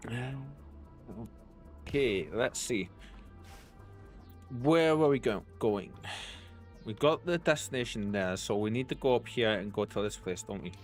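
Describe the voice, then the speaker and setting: A man's voice: medium pitch, animated, unhurried, long pauses, soft background music. A man streaming a video game, chatting casually to his viewers as he plays. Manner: chatty, talks to chat while playing. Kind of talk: casual let's-play commentary.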